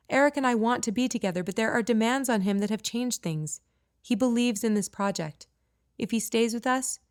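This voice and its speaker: A woman's voice: on the high side, voice pushed up, close to an everyday voice. A woman voicing a weary, anxious mother who pours out her worries in a rush. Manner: anxious, pleading, words rushing out.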